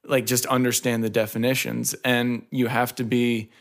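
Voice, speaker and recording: A man's voice: mid-range voice, flat delivery, normal speed, creaky. A young man in his twenties co-hosting a podcast, rambling casually with many fillers. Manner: rambling, full of "like". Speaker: podcast co-host. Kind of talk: casual chat.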